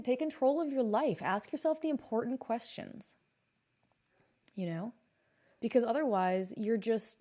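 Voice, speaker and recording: A woman in her thirties, a coach and podcast host, telling a story in a blunt, animated monologue and swearing for emphasis. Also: mid-range voice.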